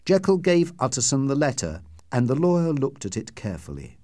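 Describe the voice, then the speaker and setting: A man narrating an audiobook in a measured, clear storytelling manner. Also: mid-range voice, very animated, mellow, no echo, clean studio sound.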